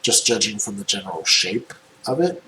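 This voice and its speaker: A man running a tabletop game as game master, describing scenes in unhurried narration with frequent ums. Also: lowish voice, animated, pushed and bright. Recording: echoey room with faint noise.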